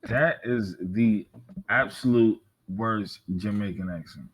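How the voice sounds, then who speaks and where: A man's voice: on the low side, slow, a little hiss or hum. A man in casual chat, blunt and swearing freely.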